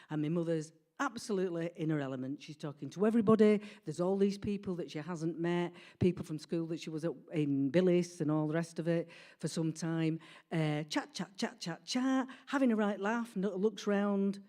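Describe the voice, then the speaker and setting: A woman, telling a comic family story in a lively, animated way. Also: on the low side, moderate pace. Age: 60s. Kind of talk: personal storytelling.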